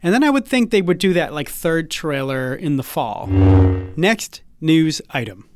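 A man's voice: a little high, heavy background noise. Upbeat man chatting on a podcast. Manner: animated, quick to laugh, reads quotes in a put-on voice. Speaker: podcast co-host. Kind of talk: casual podcast chat.

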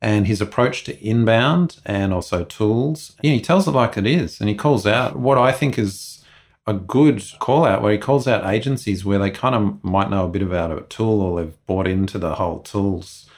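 A man co-hosting a podcast, chatting casually and talking through his opinions in a relaxed, frank way. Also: lowish voice, normal speed. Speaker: podcast co-host.

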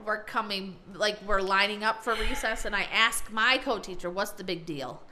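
A woman's voice: medium pitch, normal speed. A woman who teaches school tells a funny story in casual chat, acting out the voices of the people in it. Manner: animated storyteller who acts out the voices of others.

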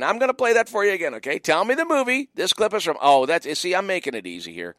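Lively radio host, dry studio sound. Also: male voice, high voice, fast, hardly any pauses, dry recording. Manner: animated, teasing, repeats phone numbers. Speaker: radio host running a movie trivia call-in. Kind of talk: casual radio call-in chat.

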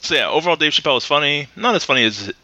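A man's voice: a little high, big pitch swings, rapid-fire, bright, forceful tone, dry recording, muffled recording. A man co-hosting a podcast, rambling through stories in casual chat with many fillers. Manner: rambling storyteller, many fillers and acted quotes. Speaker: podcast co-host.

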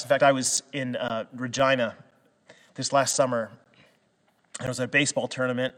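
A man's voice: mid-range voice, a little fast, a bit bright, big-room sound. A man from western Canada preaching a sermon in a conversational way, with restarts and fillers that build to emphatic peaks. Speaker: pastor.

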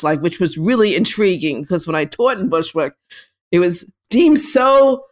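A woman photographer in an interview, telling long rambling stories with many restarts and lively quotes of other people. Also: lowish voice, moderate pace. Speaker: photographer guest. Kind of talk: casual storytelling interview.

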